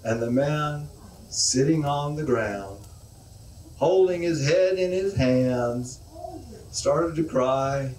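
A man's voice: on the high side, slow. A man from Utah performing a live folk tale as a storyteller, in a folksy, easygoing way. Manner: folksy, relaxed narration with restarts. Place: historic statehouse hall, indoors. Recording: echoey hall from far off.

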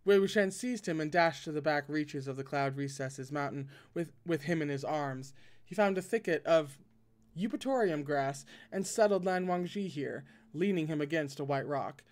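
A man reading a novel aloud expressively, now and then breaking in with excited asides. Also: on the high side, normal speed. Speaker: podcast reader.

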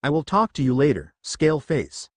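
A man reading the lines of a brash, cocky teenage boy ninja in a storybook, in a lively voice. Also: on the high side, moderate pace, no echo. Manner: cocky and blunt.

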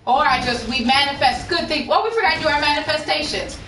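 A woman's voice: high-pitched, quick pace, bright, forceful tone, a little hiss or hum. A woman streamer telling personal stories to her live chat in a candid way, swearing freely. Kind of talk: casual storytelling to a live chat. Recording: roomy sound from a distant mic. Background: faint music.

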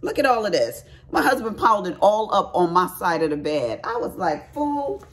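A woman's voice: lowish voice, big pitch swings, a little fast. A middle-aged woman, chatting casually to viewers in a craft haul vlog at home, folksy and chatty. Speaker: crafting vlogger. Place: at home, bedroom.

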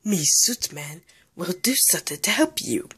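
A woman's voice: fairly low pitch, lively intonation, moderate pace, fairly bright tone, slightly rough, exaggerated voice. A woman voicing a blunt, simple-minded male costume hero in a toy play, talking in clipped caveman-style phrases. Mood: eager.

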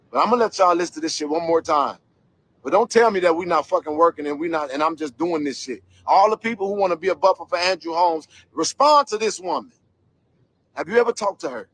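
A man's voice: a little high, expressive, a little fast, fairly bright tone. A man giving an angry vlog commentary rant, heated, profane and emphatic. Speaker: commentator investigating a local scandal.

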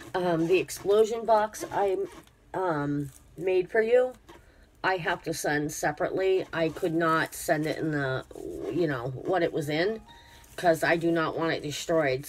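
A woman vlogger with a low voice talks straight to her viewers while unboxing a craft gift, gushing with effusive praise in a casual chat. There is slight background noise.

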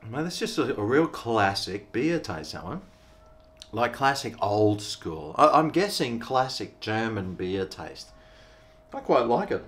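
A man's voice: medium pitch, big pitch swings, unhurried, fairly bright tone. Laid-back Australian man reviewing beer. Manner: laid-back and rambling, slangy. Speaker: vlogger. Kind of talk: casual beer review vlog.

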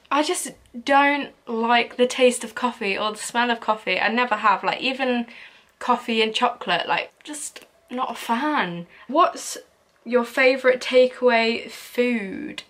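A woman's voice: on the high side, a bit bright. Chatty, giggly young woman. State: out of breath. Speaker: YouTuber. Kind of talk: casual Q&A vlog.

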